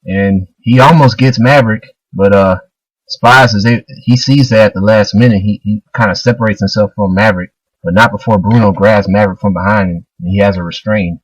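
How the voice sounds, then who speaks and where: Husky-voiced man retelling a story. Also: lowish voice, fairly even intonation, a little fast, no room sound, poor audio. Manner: loose and rambling, filler-heavy. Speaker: manga reviewer. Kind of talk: casual retelling of a manga chapter.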